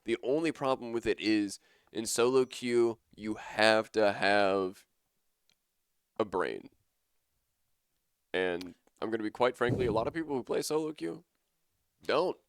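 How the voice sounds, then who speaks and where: Young male caster, low clear voice, dry close sound, loose and chatty. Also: measured pace, long pauses, dry recording. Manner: casual, rambling, enthusiastic. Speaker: esports caster. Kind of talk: live esports commentary.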